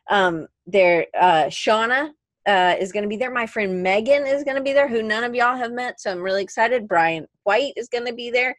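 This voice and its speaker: A woman's voice: mid-range voice, no echo, studio quality. A woman hosting a casual live podcast chat, telling stories and acting out her own reactions. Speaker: podcast host.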